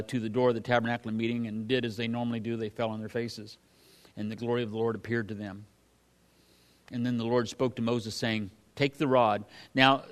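A man giving a relaxed, conversational sermon in an average-pitched voice. He reads a passage and then talks it through in a folksy, halting way, full of fillers and restarts. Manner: reads scripture aloud then comments on it. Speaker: pastor. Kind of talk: conversational Bible teaching.

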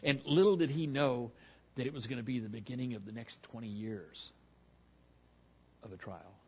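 A man's voice: mid-range voice, normal speed, darkish tone, husky. Man teaching a Bible passage, informal. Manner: conversational, with frequent restarts and fillers. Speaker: preacher.

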